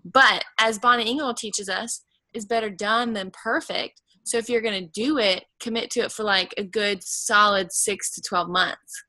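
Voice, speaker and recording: A woman chatting casually on a team video call, talking in quick, self-correcting bursts. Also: medium pitch, bright, forceful tone, low-quality recording. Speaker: fitness business team member.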